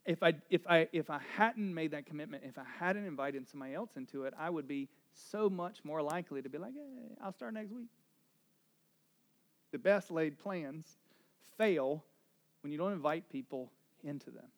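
High-voiced man preaching a sermon. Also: normal speed. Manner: conversational storytelling, swings from quiet asides to loud emphatic preaching. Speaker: pastor.

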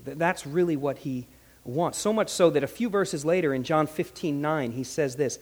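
A man preaching a sermon with animated delivery, jumping between loud emphasis and hushed asides, voicing quotes with character. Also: on the high side, brisk, in a large hall. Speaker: pastor.

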